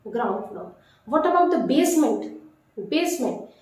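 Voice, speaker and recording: A woman teaching a vocabulary lesson, repeating each word slowly and deliberately. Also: sits high, lively intonation, darkish tone. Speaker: French teacher. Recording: very echoey room.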